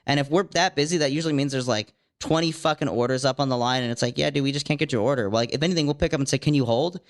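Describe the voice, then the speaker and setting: A young man from Virginia, ranting profanely in casual podcast chat. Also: medium pitch. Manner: profane, ranting, quick-talking. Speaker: podcast co-host.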